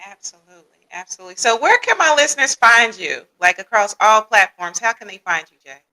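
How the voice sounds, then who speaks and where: A woman hosting a casual podcast interview, lively and slangy, laughing easily. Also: fairly high pitch, a little fast, low-quality recording. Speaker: podcast host.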